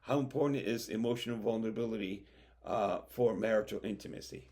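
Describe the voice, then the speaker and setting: A man's voice: lowish voice, fairly quick, darkish tone. A man hosting a podcast conversation, asking reflective questions in an earnest, conversational way. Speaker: podcast host.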